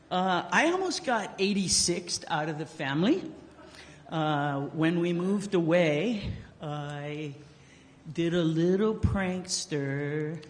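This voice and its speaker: In a memorial service hall with long reverb, a man gives a eulogy as casual, joking storytelling, acting out the quotes he tells. His voice is on the high side and he takes it slowly, with slight background noise.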